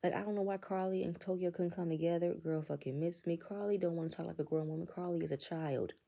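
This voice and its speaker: A woman's voice: fairly low pitch, steady tone, fast talker, vocal fry, warm tone, muffled recording. A woman casually recapping a reality show in blunt, profane, exasperated commentary. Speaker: reality TV reviewer.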